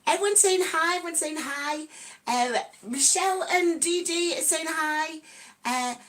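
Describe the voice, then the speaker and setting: In her sixties, this woman hosts a casual live stream, cheerful and chatty, giggling often, greeting viewers by name and breaking into snatches of song. Her very high voice is fairly bright, and she takes her time.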